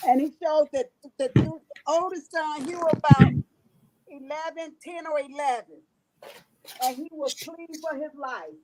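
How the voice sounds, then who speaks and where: High-pitched woman telling a story. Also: measured pace, noisy background. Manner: animated storytelling, emphatic repetitions. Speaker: host. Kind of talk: casual chat.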